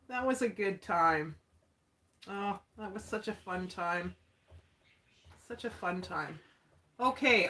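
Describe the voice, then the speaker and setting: A woman from Alberta, Canada, with a mid-range, fairly bright voice hosts a casual livestream while crafting. She's chatty and folksy and laughs often.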